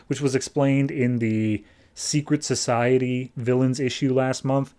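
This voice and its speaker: A man's voice: on the high side, steady tone, slow pace, a little mellow. A man hosting a podcast, recapping a comic issue in a casual, chatty, wry way. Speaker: podcast host.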